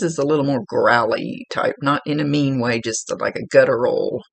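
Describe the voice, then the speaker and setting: A woman's voice: very deep voice, fairly even intonation, brisk, creaky, hardly any pauses, dry recording. A woman working as a psychic medium, giving a spirit reading to a client in a rambling way, searching for words and restarting her sentences.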